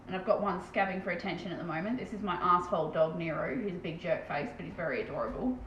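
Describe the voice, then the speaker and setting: A woman's voice: on the low side, expressive, quick pace, fairly bright tone. Chatty Australian woman in a roomy lo-fi room. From Western Australia. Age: 30s. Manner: chatty, blunt and self-mocking, swears casually. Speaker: hobby painting streamer. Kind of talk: casual live-stream chat. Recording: roomy, dull lo-fi sound with faint background noise.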